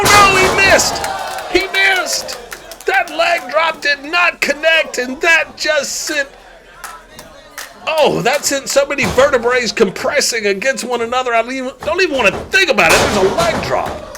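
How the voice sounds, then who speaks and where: A man with a very high, piercing voice calls a wrestling match as live play-by-play. He is excitable and often breaks into shouts at the big moves, his pitch leaping around. A faint crowd murmurs behind him. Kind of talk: live sports commentary.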